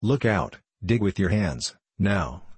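A sulky, quarrelsome storybook boy who snaps his words, read by a man. The voice sits low and slightly husky, recorded dry and close. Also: very animated, takes it slowly, dry recording, exaggerated voice. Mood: snappish. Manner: snappish.

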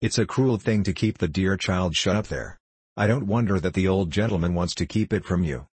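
A man's voice: sits low, brisk, a little mellow, husky, no echo. A man voicing a fond, fretful working-class mother in a storybook reading. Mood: teasing.

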